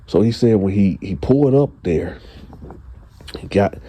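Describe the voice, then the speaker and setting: Low, very mellow male storyteller. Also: lively intonation, no echo. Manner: retells dialogue in quick back-and-forth, colloquial. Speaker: storyteller host. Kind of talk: casual storytime narration.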